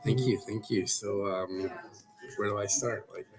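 A man telling his life story as a podcast guest, in a relaxed, rambling way full of likes and restarts. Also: lowish voice, a little slow, over music. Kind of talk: casual storytelling. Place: coffee shop.

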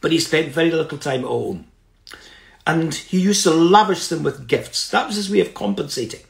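A middle-aged man with a high voice tells a personal story in an earnest, reflective manner. He checks in with his listeners now and then. The recording has a roomy echo around him. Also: moderate pace, gravelly. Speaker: speaker.

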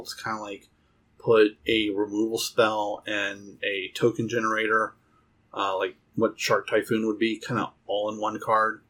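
A man's voice: on the low side, a bit bright. A man co-hosting a podcast, talking casually and rambling with plenty of fillers and restarts. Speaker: podcast co-host. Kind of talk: casual chat about card games.

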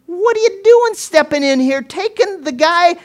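A man acting out a desperate, indignant father who shouts in protest at losing the healer he brought to his sick child. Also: extremely high pitch, expressive, measured pace, voice pushed up. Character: frantic desperate father, middle-aged man.

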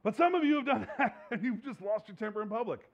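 Heard on a dull lo-fi recording, a man preaches as a pastor in a high, expressive voice at a quick pace. His sermon is conversational and humorous, with plenty of laughter.

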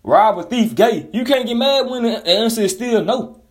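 A man's voice: very high voice, animated, normal speed. A man delivering a blunt, profane, heated casual monologue as a commentator.

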